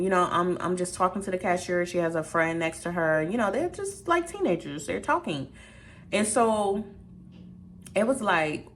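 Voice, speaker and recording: A young adult woman telling a story in a chatty, animated way, with dramatic asides to her viewers. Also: fairly low pitch, slight background noise. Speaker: vlogger. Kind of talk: storytime vlog.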